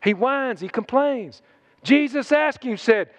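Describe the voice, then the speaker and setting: Folksy preacher man, high voice. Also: unhurried. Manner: folksy, conversational preaching with humor. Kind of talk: sermon.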